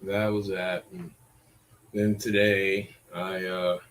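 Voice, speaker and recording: A man's voice: deep voice, flat delivery, slow pace, a bit bright, slight background noise, rough recording. A man in his forties ranting in a rambling, exasperated way, full of curses. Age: 40s. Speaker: vlogger. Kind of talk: casual ranting monologue.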